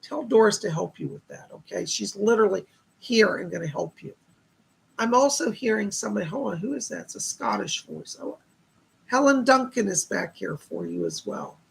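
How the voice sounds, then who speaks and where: Upbeat guy doing live psychic readings, super gravelly voice, kinda husky. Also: sits high, big pitch swings, normal speed. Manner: chatty, upbeat, reads comments aloud.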